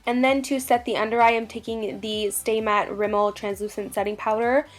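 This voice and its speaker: A woman's voice: a little high, steady tone, moderate pace, faint music behind. Young female beauty vlogger, bubbly and gushing, chatty tutorial voice-over.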